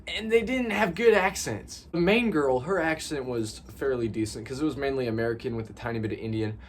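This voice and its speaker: A man's voice: medium pitch, fairly quick, slight background noise. A young man giving a casual, rambling movie review, often repeating words and saying "like".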